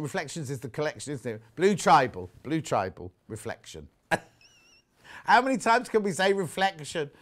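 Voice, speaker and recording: A man's voice: on the high side, fairly bright tone. An English man presenting live on a shopping channel, chatting away and reading viewer messages aloud. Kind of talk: live sales chat. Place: TV studio.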